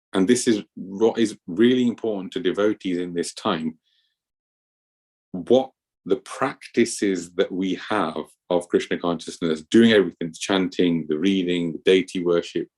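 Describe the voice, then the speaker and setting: Give me an earnest man with a lowish voice giving a temple scripture class. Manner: storytelling, earnest, lively with acted quotes.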